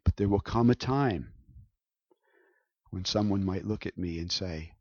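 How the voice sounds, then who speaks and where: A man's voice: low-pitched, unhurried, pauses often, darkish tone, breathy edge, dry recording, dull audio. A man preaching a sermon in a conversational way, often checking in with his listeners. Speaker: pastor.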